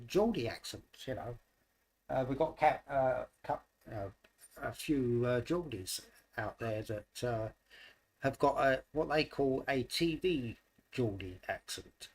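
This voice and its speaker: A man's voice: medium pitch, animated, normal speed, creaky, poor audio. A man from the United Kingdom with a mixed British accent, chatting casually as host of a live stream, laughing often and trailing off mid-sentence. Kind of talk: casual chat.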